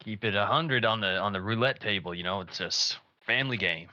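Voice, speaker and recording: A man's voice: fairly low pitch, brisk, sharp tone, no echo, highs cut off. A man playing a tabletop game, talking in a hesitant, offhand way. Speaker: player. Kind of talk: casual tabletop play.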